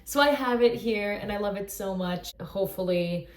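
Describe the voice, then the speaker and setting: Casting note: twenties woman, anime reaction vlogger, gushing and emotional, middle-pitched voice in a roomy, echoey space. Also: normal speed. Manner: gushing, emotional, says "like" often. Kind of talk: casual reaction chat. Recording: roomy echo.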